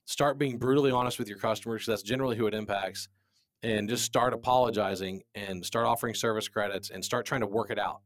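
A man's voice: on the low side, steady tone, fast talker, dry recording. A man in his forties, a business owner, telling a candid story in an interview with emphatic restarts. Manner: earnest, repetitive restarts, emphatic.

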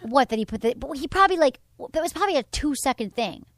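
Speaking fast in a high voice with no room sound, a woman hosts a talk show on sex and dating advice. The tone is casual advice chat, and she's frank and animated while reading from her blog.

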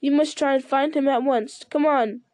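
A woman's voice: high voice, fairly even intonation, normal speed, a little mellow, dry recording, lightly acted. Woman reading as an earnest, loyal hobbit servant. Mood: anxious. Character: loyal plain-spoken male hobbit servant.

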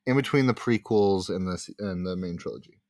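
A young man co-hosting a casual podcast chat, rambling and animated with lots of fillers. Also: low-pitched, fairly quick, no echo, studio quality. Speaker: podcast co-host.

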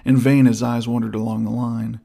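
Guy reading an old adventure story, super gravelly, flat steady delivery. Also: medium pitch, a little fast. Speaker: audiobook narrator. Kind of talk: scripted narration.

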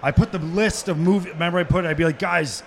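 A man with a high voice tells rambling, profane hockey stories. He is animated and acts out what others said. He is a guest at a live podcast taping in a sports bar. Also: rapid-fire, a faint crowd, slight background noise. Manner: profane, animated, quotes people mid-story. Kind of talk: casual storytelling.

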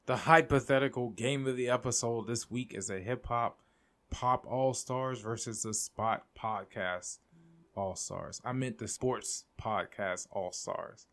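A young man hosting a casual solo podcast, excitable and rambling, laughing often and restarting his sentences. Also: mid-range voice, a little slow, slight background noise. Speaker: podcast host.

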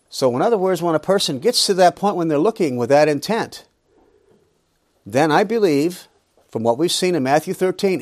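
A man's voice: fairly high pitch, no echo. Middle-aged guy preaching scripture, voice jumps all over, dead dry sound, pushes his points hard. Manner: emphatic, animated, with humorous asides. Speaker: Bible teacher. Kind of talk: preaching Bible study.

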